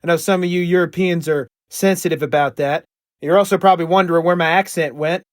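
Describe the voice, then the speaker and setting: A man's voice: a little high, steady tone, fast talker, no echo, clean studio sound, natural voice. A man doing an eccentric, ancient interdimensional superhero. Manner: flamboyant, shifting put-on accents, rambling. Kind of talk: improvised comedy podcast.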